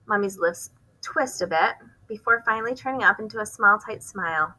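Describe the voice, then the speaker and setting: A woman reading a children's novel aloud, expressive, with occasional stumbles and rereads. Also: medium pitch, moderate pace, poor audio. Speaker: reader hosting a book channel.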